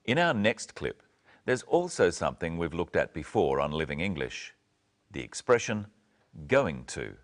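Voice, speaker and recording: A man presenting an English lesson, speaking slowly and clearly and carefully modelling each phrase for learners. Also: low-pitched, big pitch swings. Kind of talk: slow, clear teaching narration.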